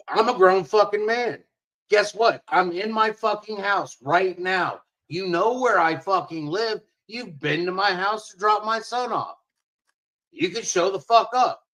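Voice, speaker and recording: A fairly high-voiced man rants in a fury, cursing and taunting without letup. The clip is played back with faint music running under his voice. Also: a bit bright. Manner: furious, profane, taunting. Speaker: father of a missing child. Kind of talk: angry played-back rant.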